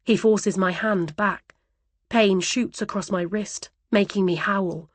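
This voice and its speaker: A woman's voice: medium pitch, fairly even intonation, takes it slowly, dry recording. Woman narrating a tense first-person thriller. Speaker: audiobook narrator.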